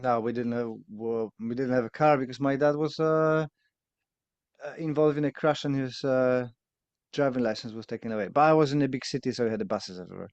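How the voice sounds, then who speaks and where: A man hosting a casual interview, quietly recounting a memory after mostly murmuring along with his guest. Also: medium pitch, a little fast, clean tone, dry recording, dull audio. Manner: quiet listener who mostly gives short murmurs of agreement. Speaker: interview host.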